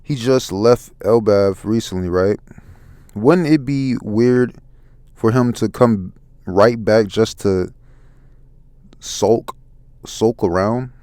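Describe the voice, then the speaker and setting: Man doing a calm skeptical swordsman, slow and dry, lowish voice. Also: dry recording. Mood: doubtful.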